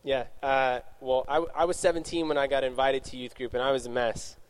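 A man's voice: mid-range voice, flat delivery, clear, resonant tone. A man speaking casually to young adults, telling his own story in a Q&A and correcting himself often as he talks. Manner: rambling, self-correcting, quick asides. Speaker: youth speaker.

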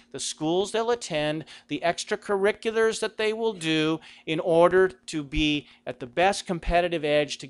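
Man with a smooth, slightly high voice. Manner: conversational, asks rhetorical questions; acts out quoted lines with a raised voice. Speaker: Catholic speaker. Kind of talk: talk on Christian vocation.

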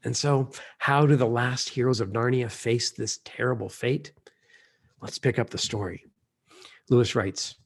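A man with a gravelly, husky voice reads passages from a novel and reflects on them like a preacher. He sometimes sinks into a breathy whisper between his readings. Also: mid-range voice, steady tone, unhurried. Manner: reads quotes aloud, drops to an unvoiced whisper at times.

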